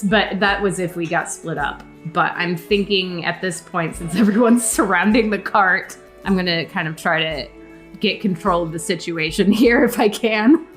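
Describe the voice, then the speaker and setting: A woman's voice: lowish voice, moderate pace, a bit bright, faint music behind. A woman playing a tabletop game who plans her moves hesitantly, thinking aloud. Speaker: player. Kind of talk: casual tabletop play.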